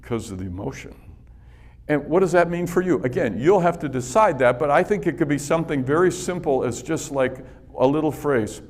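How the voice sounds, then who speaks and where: At a business event venue, a man gives a motivational talk to a business audience, telling personal stories conversationally and chuckling often. His voice is a little high with lively intonation, and he speaks fairly quickly.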